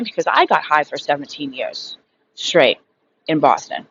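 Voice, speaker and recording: A woman's voice: deep voice, big pitch swings, normal speed, highs cut off, slight background noise. A woman in her thirties telling a story in a casual vlog monologue, frank and rambling, swearing freely and filling her sentences with fillers. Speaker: recovery vlogger.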